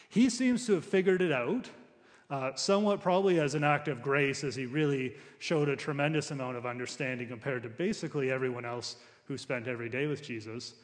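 A man delivers a sermon in an easygoing, conversational way, often restarting his sentences as he works through a passage. His voice sits a little high for a man. The sound rings with the long reverb of a large church hall. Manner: conversational preaching with frequent restarts. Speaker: pastor.

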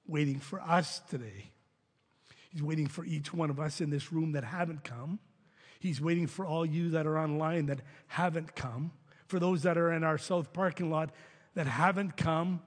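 A man preaching a sermon in a church, earnest and often repeating words as he goes. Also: a little high. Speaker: pastor. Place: church sanctuary. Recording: reverberant hall sound.

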